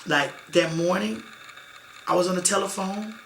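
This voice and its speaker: In an echoey room with a little hiss or hum, a woman with a mid-range voice speaks at normal speed. As an interview guest, she relates a painful family story emotionally and emphatically, often repeating herself and acting out quotes from relatives.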